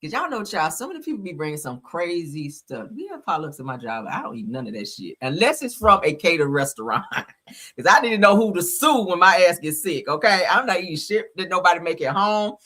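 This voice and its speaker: A woman hosting a casual reaction commentary, talking in a blunt, slangy, animated way with frequent profanity. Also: fairly low pitch, a little fast. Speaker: host.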